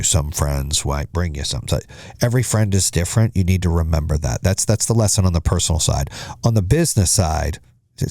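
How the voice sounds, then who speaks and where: A man's voice: low voice, darkish tone, no room sound, studio quality. Blunt, profane male podcast host. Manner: blunt, profane, punchy advice. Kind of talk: motivational monologue.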